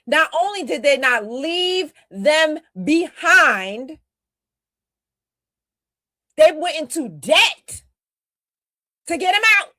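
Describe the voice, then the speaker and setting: A woman's voice: high-pitched, sing-song, very slow, long pauses, sharp tone, no room sound. A woman giving blunt, heated commentary as the host of a talk show. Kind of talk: casual commentary.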